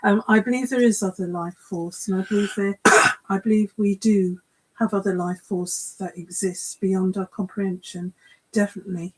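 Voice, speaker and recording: A woman's voice: medium pitch, steady tone, normal speed, slightly rough, rough recording. Give me an older woman co-hosting a casual chat, short friendly replies. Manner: short agreeing remarks, laughs often. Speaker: co-host medium.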